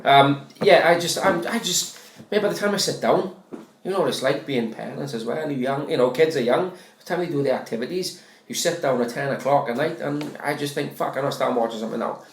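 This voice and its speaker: A man's voice: medium pitch, fast, slight background noise. A man, a guest in a casual podcast chat, talking bluntly with plenty of swearing. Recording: roomy echo.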